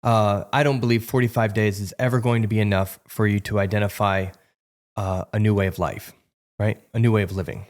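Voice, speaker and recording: A man's voice: fairly low pitch, fairly even intonation, fairly quick. A man in his thirties giving a frank, conversational recovery testimony as an interview guest, often acting out remembered dialogue.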